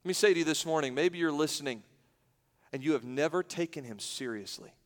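A man preaching a sermon, pitched a little high, who swings between raised, driving emphasis and near-hushed quiet. His voice rings out into a big, reverberant hall. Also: fairly quick. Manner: dramatic, swings from loud to hushed. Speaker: pastor.

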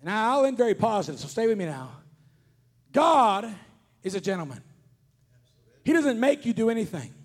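A man with a strikingly high voice preaches to a conference audience. He talks earnestly, repeats himself, and rises to shouts to hammer home his points. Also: big pitch swings, normal speed, pauses often. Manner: earnest, repetitive, rising to shouts on key points. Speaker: traveling preacher. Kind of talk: sermon. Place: conference hall before an audience.

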